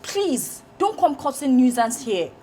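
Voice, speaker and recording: A hurt, stubborn Nigerian wife. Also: female voice, sits high, big pitch swings, unhurried, warm tone, a little hiss or hum. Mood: defiant. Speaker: estranged wife.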